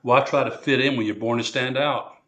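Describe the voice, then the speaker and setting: A man in his sixties, a guest on a podcast, speaking in a measured, thoughtful way and often restarting his sentences. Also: mid-range voice, fairly even intonation, a bit bright, dull audio. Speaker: true crime channel creator, guest. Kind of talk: conversational podcast interview.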